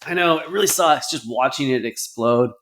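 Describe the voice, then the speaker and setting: A man's voice: mid-range voice, normal speed, a bit bright. Young guy cohosting a podcast, chill and dry, joking around. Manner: laid-back, dry jokey delivery. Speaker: podcast co-host. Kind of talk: casual chat.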